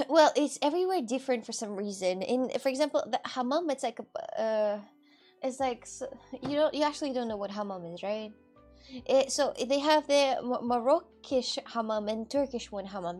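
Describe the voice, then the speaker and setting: High-voiced woman, chatty and laughing. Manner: animated, laughing, bursts of shrieks while retelling. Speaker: vlogger. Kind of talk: casual storytelling to camera.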